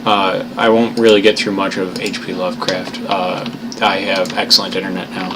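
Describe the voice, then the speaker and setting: A man casually chatting with viewers on a live stream, playful and chatty, who also reads a story aloud slowly. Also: deep voice, little pitch movement, heavy background noise.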